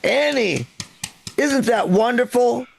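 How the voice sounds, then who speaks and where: A man hosts a live comedy stream, announcing acts like an emcee. He speaks very slowly and draws out his words, and his voice is gravelly. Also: extremely high pitch, animated, a little hiss or hum. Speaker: host.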